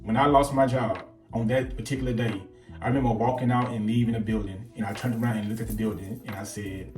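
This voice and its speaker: A man's voice: on the low side, steady tone, fast talker, darkish tone, soft background music. A man, telling his side of a story earnestly, often repeating words. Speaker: co-host, husband. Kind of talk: casual storytelling chat. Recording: echoey room, distant from mic.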